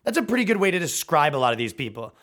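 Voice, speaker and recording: Sarcastic man with a lively, high-ish voice. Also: rapid-fire. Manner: mocking, sarcastic, swears freely. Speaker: comedy podcast host. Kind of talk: sarcastic comedic rant.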